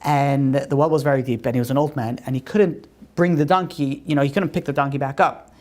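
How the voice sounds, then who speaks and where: A woman teaching a religious class and telling stories in a conversational way. Her pitch rises on emphatic questions. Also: steady tone, brisk, a little mellow.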